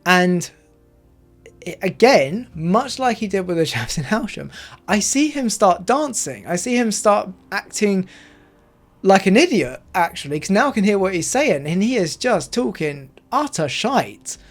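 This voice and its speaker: A man's voice: high-pitched, sing-song, unhurried. A man telling a personal story in a casual, rambling way, full of fillers.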